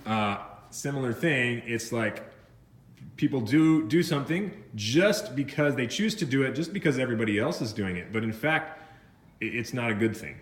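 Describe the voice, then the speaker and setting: A man teaching English vocabulary in a recorded lesson, explaining slowly with many fillers and restarts, sometimes slipping into Spanish words. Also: mid-range voice, animated, echoey room.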